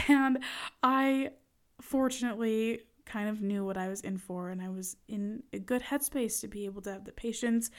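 A woman in her thirties hosting a motivational podcast as a life coach, talking in an affectionate, encouraging way with soft laughs. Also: on the high side.

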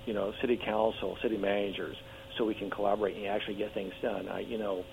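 A man running for local office, talking eagerly in a radio interview, hoarse and losing his voice, with frequent restarts and fillers. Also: fairly low pitch, little pitch movement, quick pace, a little mellow. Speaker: political candidate guest. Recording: tinny phone line with faint hum.

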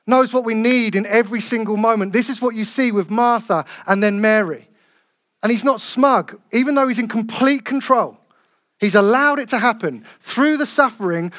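A man preaching a sermon, earnest and emphatic, slowing down to stress key phrases. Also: high-pitched, a bit bright.

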